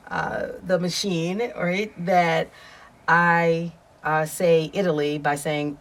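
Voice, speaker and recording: A woman voice actor talking casually through her home recording process, explaining each step in a quiet room on a studio microphone. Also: fairly low pitch, slow pace. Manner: explanatory, chatty, self-correcting. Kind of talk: casual screen walkthrough. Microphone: studio condenser microphone.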